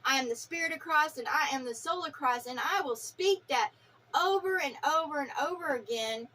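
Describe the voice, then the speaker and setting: A woman's voice: sits high, moderate pace, bright, forceful tone. A woman vlogger delivering an impassioned, profane spiritual rant, fiery, preachy and defiant.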